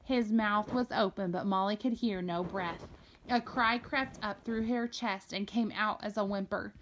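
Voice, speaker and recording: Reading a novel aloud, a woman keeps a steady, expressive storytelling tone at an unhurried pace. Her pitch stays even, sitting neither high nor low.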